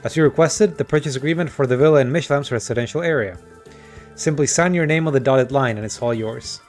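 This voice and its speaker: A smooth-talking realtor, voiced by a man, speaks with formal courtesy. He talks in an everyday voice in a video game scene. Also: mid-range voice, quick pace, faint music behind, lightly acted. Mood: courteous.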